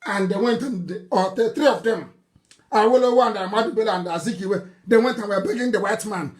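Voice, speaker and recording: A man's voice: high voice, moderate pace. Fiery, mocking Nigerian man. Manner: fiery, mocking, scornful laughter, repeats phrases, bursts into shouting. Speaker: political activist leader. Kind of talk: impassioned political broadcast.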